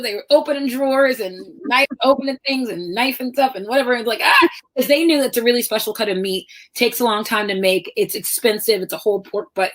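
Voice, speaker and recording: A middle-aged woman author telling personal stories in a lively conversational talk, acting out the voices of people she quotes. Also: a little high. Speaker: author guest.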